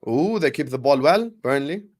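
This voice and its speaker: A young man hosting a live football watchalong, chatting with viewers and calling the play with slangy, excitable banter. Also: a little high, normal speed. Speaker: watchalong streamer.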